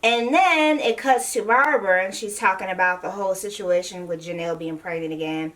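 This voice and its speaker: A woman's voice: medium pitch, brisk, fairly bright tone, distant mic. A woman vlogger giving a blunt, sassy casual recap of a reality TV episode.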